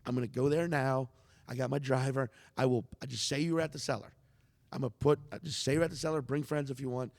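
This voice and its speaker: Brief: a man doing a loose, excited comedian, raised and loud, drawling slang, gravelly edge. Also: medium pitch, quick pace, in a large hall, natural voice. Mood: excited urging. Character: generous famous male comedian, loose and excited.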